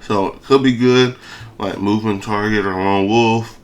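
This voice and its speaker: Fairly low-pitched and steady in tone, this young male gaming creator talks a little slowly as he commentates on gameplay. His casual play-by-play is hyped and slangy, slurred with a lisp, and he keeps repeating phrases.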